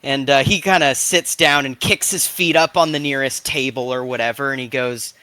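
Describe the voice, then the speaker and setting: A man's voice: medium pitch, steady tone, moderate pace, sharp tone, clear, resonant tone, no room sound. A man playing a tabletop role-playing game, narrating his character's actions and lines with a casual, swearing, laughing manner. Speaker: player.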